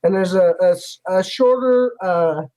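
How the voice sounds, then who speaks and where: A man's voice: sits high, a little slow, dark tone, poor audio. A man narrating a tabletop game as game master in a loose, rambling way, full of fillers.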